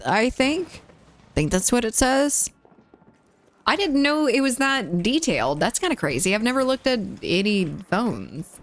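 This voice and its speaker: A woman streaming a game, chatting casually, giggling often as she reads chat messages aloud and answers them. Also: fairly high pitch. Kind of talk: casual live-stream chat while gaming.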